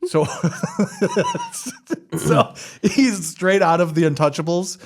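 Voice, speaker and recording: A man hosting a podcast, chatting casually about a film, animated and quick to laugh. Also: sits high, a little hiss or hum. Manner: animated, laughs often, jokey asides. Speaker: podcast host. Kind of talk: casual chat reviewing a film.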